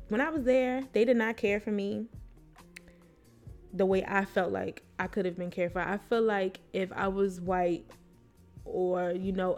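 A young woman co-hosting a podcast, speaking in a frank, unfiltered way. She swears freely and slips into quick impressions of the people in her story. Faint music plays underneath. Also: mid-range voice. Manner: blunt, swears freely, acts out quotes of nurses and herself. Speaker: podcast co-host. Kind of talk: candid personal storytelling.

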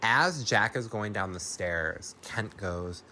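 A man casually recapping a horror film as a host, animated and chatty, acting out the characters' lines between narration. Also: on the low side, takes it slowly, a little hiss or hum. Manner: animated, swears and laughs, acts out characters' lines.

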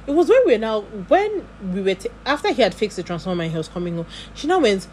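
A woman's voice: mid-range voice, very animated, quick pace, a little mellow, a little hiss or hum. A woman with a Nigerian accent, telling a long story in a casual vlog and full of asides and acted-out dialogue. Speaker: vlogger.

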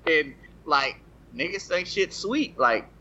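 A man's voice: on the high side, animated, takes it slowly, pushed and bright, a little hiss or hum. A man joking in a casual group chat, swearing freely. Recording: dull lo-fi recording with faint ambience.

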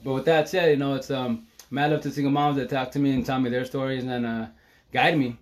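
A man's voice: medium pitch, fairly even intonation, quick pace. Middle-aged man, casual live-stream chat, rambling, emotional, swears a lot. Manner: rambling, emotional, swears freely, laughs often.

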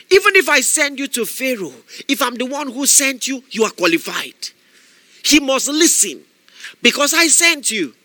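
A man preaching a sermon in a high, brilliantly bright voice. He rises from conversational asides into ringing shouts and chanted cries. The sound is close and dry. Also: no echo. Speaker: pastor.

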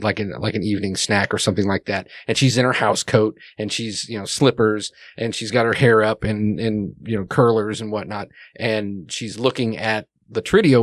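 A man's voice: lowish voice, dry recording, clean studio sound. A man narrating a tabletop game as game master, rambling with many fillers.

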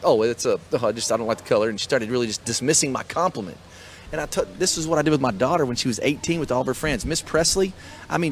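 Fast-talking middle-aged motivational host. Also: male voice, medium pitch, slight background noise. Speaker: podcast host and small business coach. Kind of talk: casual chat.

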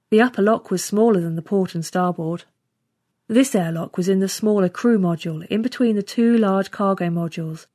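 A woman narrating a first-person science fiction story in steady, scripted storytelling. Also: medium pitch, no room sound, studio quality. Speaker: story reader.

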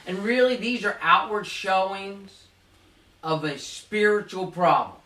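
A man's voice: sits high, a little slow, pushed and bright, distant mic. A man hosting a casual Christian youth podcast, earnest and a bit preachy, often repeating himself. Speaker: podcast host. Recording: roomy echo, off-mic.

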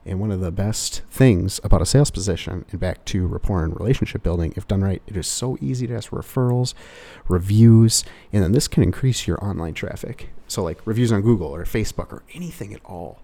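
A man's voice: lowish voice, fairly quick, gravelly, mellow. A male car salesperson giving casual sales advice in a rambling way, full of "you know" fillers.

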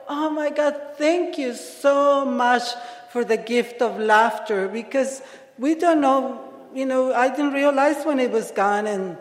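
A woman sharing her story as a speaker on a conference panel, laughing often and restarting her sentences. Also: high voice. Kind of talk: personal recovery share. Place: large conference hall. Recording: echoey hall.

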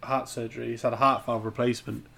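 A man's voice: medium pitch, flat delivery, quick pace, vocal fry, a crowd in the background. A man co-hosting a casual podcast, talking in a laid-back, joking way. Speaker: podcast co-host. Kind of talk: casual chat.

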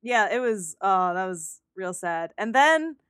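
A woman in casual chat about a movie, animated, swearing and acting out quotes. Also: medium pitch, measured pace, smooth, no room sound, studio quality.

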